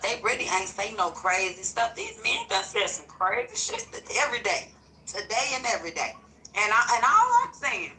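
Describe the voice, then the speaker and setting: A woman talking bluntly and loudly in a heated online audio-room chat, swearing freely. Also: mid-range voice, a little hiss or hum, poor audio.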